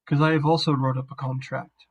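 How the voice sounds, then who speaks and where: A man's voice: mid-range voice, flat delivery, fairly quick, husky, low-quality recording. A man voicing an eerie, scheming male stranger with a put-on accent. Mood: sinister. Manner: sly, suddenly blunt.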